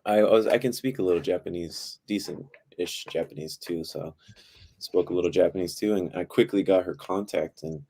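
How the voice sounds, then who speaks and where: A man's voice: low voice, normal speed, vocal fry, slightly rough. A young man chatting casually as a podcast guest, telling stories loosely with lots of filler words. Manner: relaxed storytelling with frequent "like" fillers. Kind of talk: casual chat.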